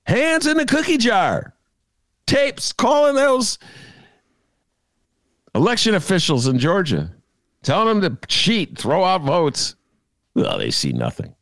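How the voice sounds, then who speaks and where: A man hosting a political talk show, his voice leaping high and dropping low as he rants with sarcasm. He chuckles at his own jokes. The recording is dry and close. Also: a bit bright, no echo. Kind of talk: opinionated political chat.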